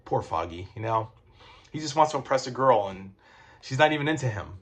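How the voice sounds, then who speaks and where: A man's voice: medium pitch, animated, a little fast, fairly bright tone. A man reviewing comic books in a casual video, rambling with lots of fillers, restarts and swearing.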